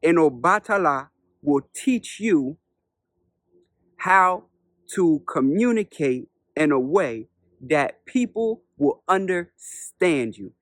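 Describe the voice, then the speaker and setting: A mischievous male trickster spirit, as a man voices him in a spoken parable, slow and measured as he hands down a lesson. His voice sits a little high, and the recording is dry and close. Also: lively intonation, a bit bright, dry recording. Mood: stern, teaching. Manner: measured, instructive.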